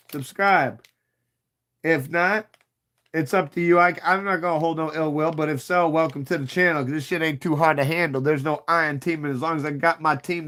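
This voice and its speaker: A man's voice: a little high, a bit bright. A man in his thirties hosting a livestream, chatting casually and profanely with viewers in a rambling, playful way. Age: 30s. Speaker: livestream host.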